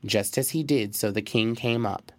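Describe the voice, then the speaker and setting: A man narrating a fairy tale in a measured, expressive storybook reading. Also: on the low side, dry recording.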